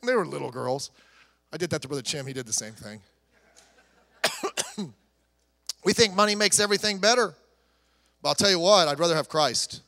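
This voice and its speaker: A male pastor preaches in a high, bright, ringing voice. He pushes hard on key lines, then drops into a quiet, chatty tone. The sound carries the long echo of a church sanctuary. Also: expressive, moderate pace, gravelly, long pauses. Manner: emphatic preaching that drops to soft storytelling. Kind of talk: sermon.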